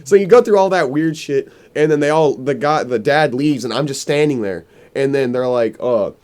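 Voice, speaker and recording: Young male podcast host, casual rambling storyteller, mid-pitched everyday voice. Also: moderate pace, darkish tone. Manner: rambling storyteller, heavy on filler "like", laughs often. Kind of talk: casual chat.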